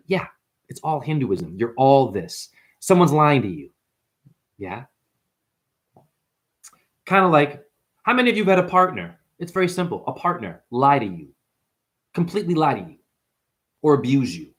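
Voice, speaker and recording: A man's voice: on the high side, lively intonation, moderate pace, pauses often, a bit bright. A man hosting a numerology video, ranting to camera in a confrontational, preachy way and calling viewers honey. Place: apartment.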